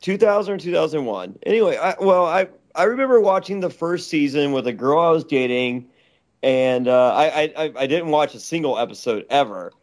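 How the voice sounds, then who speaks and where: Guy rambling thru a story, lots of stutters and laughs, kinda high voice. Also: lively intonation, a little fast. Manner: rambling, stammering, laughs often. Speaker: interview guest. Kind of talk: casual storytelling with crude jokes. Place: Los Angeles.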